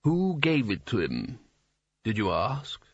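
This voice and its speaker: A man reading aloud, voicing a sly, smooth older wizard who speaks in a dry, unhurried, quietly mocking way. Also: lowish voice, wildly swooping pitch, no room sound, lo-fi sound, exaggerated voice.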